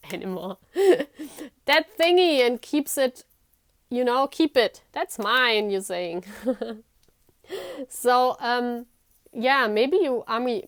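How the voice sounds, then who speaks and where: A woman chats her way through a tarot reading, bubbly and quick to laugh. Her voice sits a little high and sounds smooth and clear. It is recorded close and dry, with no room sound around it. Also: no echo. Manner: giggly, chatty, playful asides. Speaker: tarot reader. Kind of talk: casual tarot reading to viewers.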